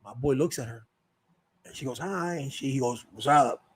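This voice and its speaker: A man's voice: medium pitch, steady tone, fairly quick, dark tone, husky, low-quality recording. A man telling a rambling, profane story in a casual monologue, full of restarts and repeated words. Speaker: show host telling stories.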